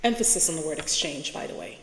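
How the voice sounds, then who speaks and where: A woman giving a casual spoken reflection, slow and emphatic, repeating key words and checking in with "right?". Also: low-pitched, expressive, a bit bright, slight background noise. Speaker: spiritual reflection host. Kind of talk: casual spoken reflection while writing on a board. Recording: echoey room with long reverb.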